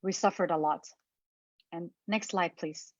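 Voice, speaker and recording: A woman giving a personal talk, halting and repeating words, holding back tears. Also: lowish voice, fairly even intonation, no echo, muffled recording. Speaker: speaker.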